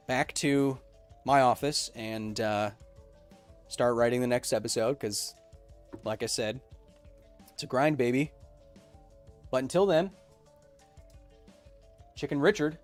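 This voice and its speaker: A man's voice: mid-range voice, a little slow, long pauses. Young male streamer host, rambly and wired, chatting with viewers over faint music. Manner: rambling, self-described super caffeinated. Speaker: podcast host reading chat. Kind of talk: casual livestream chat.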